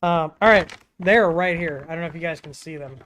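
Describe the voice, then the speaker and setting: A man hosting a casual livestream Q&A, talking in a relaxed, chatty way with frequent ums and asides, from a home studio. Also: a little high, a little fast, a little hiss or hum. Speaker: livestream host answering 3D printer questions. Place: home studio with dogs nearby.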